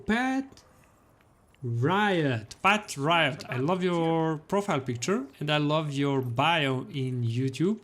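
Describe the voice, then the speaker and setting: A man's voice: medium pitch, fairly bright tone. A young man streaming a video game live, cheerfully greeting viewers and reading the chat aloud, laughing often.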